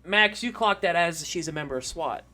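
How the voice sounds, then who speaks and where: A man's voice: a little high, expressive, moderate pace, pushed and bright. A man narrating a tabletop game as game master, casual and rambling, with fillers and the odd swear.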